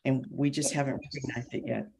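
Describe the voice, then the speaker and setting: A woman's voice: rumbling low, level tone, fairly quick, gravelly, dark tone, slightly rough. A middle-aged woman on a panel, telling a personal story and acting out the dialogue. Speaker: panel guest. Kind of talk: casual panel talk, storytelling.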